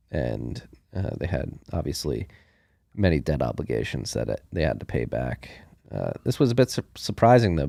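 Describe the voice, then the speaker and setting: A man's voice: rumbling low, gravelly, mellow, no echo, studio quality. A man co-hosting a podcast, chatting casually about the news and thinking aloud with plenty of fillers. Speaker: podcast co-host.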